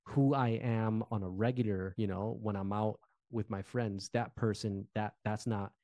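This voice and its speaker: Jersey guy on a podcast, low mellow voice, chatty and animated, dry close mic. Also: moderate pace, no room sound. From Newark, New Jersey. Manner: animated, conversational, fillers like "you know". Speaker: podcast co-host, former pastor. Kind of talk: casual podcast chat.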